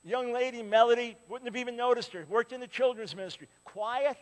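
High-voiced man preaching in a reverberant hall. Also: brisk. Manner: animated storyteller, drops to hushed tones for quoted lines. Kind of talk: sermon storytelling.

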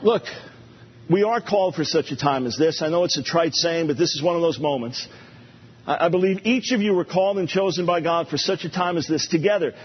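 A man preaching a sermon as a pastor, animated and playful, repeating phrases for emphasis. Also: fairly high pitch, brisk, husky. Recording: dull lo-fi recording.

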